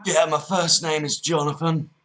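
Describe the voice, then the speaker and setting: A man's voice: fairly high pitch, flat delivery, normal speed, a bit bright, pitched above the performer's own voice, lightly acted. A man voicing a pushy, cheeky Cockney geezer on a prank phone call, impatient and bossy as he spells things out. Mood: indignant.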